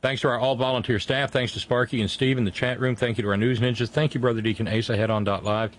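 A middle-aged man hosting a talk show, speaking earnestly and haltingly with frequent restarts as he thanks his guest and listeners. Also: mid-range voice, steady tone. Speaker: radio show host. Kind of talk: casual on-air chat and sign-off.

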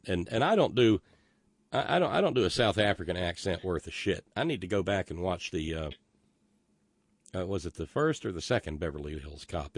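Low-voiced sardonic male podcast host. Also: no echo, clean studio sound. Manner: sardonic and profane, rambling with many restarts. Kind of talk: casual political commentary.

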